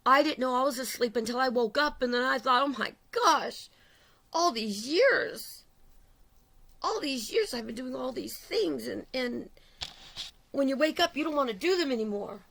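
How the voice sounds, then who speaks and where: Middle-aged woman preaching, gravelly fry in her voice, kinda high, urgent and repeating herself. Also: fairly bright tone. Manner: urgent, repetitive, rises in intensity. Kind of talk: impassioned religious sermon.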